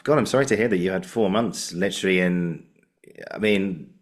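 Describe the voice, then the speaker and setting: A man hosting a podcast, reacting with short, supportive remarks in a casual interview. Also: sits low. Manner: quick reactions, supportive backchannel. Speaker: podcast host.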